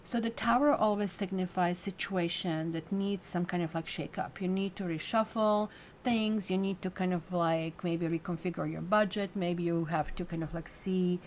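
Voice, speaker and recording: A woman's voice: lowish voice, fairly even intonation, moderate pace, slight background noise. A woman giving a casual weekly tarot reading, chatty and full of fillers, who stops to coo at her cat. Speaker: tarot reader.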